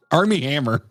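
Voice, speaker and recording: Lively, laughing man with a dry sound. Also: a little high, no room sound. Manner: teasing, laughs often. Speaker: co-host of a game stream. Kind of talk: casual let's-play chat.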